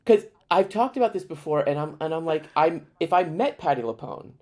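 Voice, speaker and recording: A man chatting as a guest on a podcast, telling stories in an animated way with lots of fillers. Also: fairly high pitch, a little fast. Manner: animated storyteller, frequent fillers. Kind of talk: casual chat.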